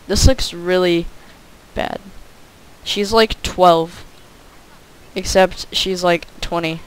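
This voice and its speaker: A man's voice: high-pitched, steady tone, slow, long pauses, low-quality recording. A young man giving rambling, jokey commentary over a game he is playing, with "like" in nearly every sentence. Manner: rambling, jokey, says "like" a lot. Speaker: gameplay commentator. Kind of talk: casual gameplay commentary. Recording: faint hiss.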